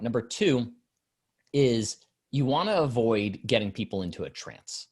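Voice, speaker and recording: A man guest coaching on public speaking in a relaxed interview. His delivery is expressive and full of pitch swings, and he demonstrates louder, softer, faster and slower talk. His voice has a husky grain. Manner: animated, demonstrates changes in volume and pace. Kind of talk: casual interview advice.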